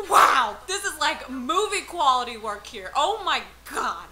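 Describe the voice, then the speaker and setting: A woman's voice: high voice, sing-song, measured pace, bright, forceful tone, slight background noise, poor audio. A young woman reacting to a video trailer, gushing and squealing with repeated exclamations. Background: trailer music playing faintly.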